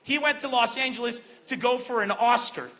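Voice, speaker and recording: Stand-up comic, male, from Lebanon: high, bright, animated delivery on an outdoor stage. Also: a little fast. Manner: animated, acts out quoted voices. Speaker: stand-up comedian. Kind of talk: stand-up comedy set. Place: large outdoor festival stage. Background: crowd laughter.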